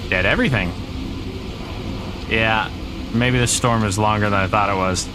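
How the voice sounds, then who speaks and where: A man's voice: lowish voice, steady tone, normal speed, noisy background. A man streaming a survival game, casually thinking aloud and shrugging off setbacks as he plays. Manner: laid-back, thinking aloud, shrugging things off. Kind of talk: casual live gameplay commentary.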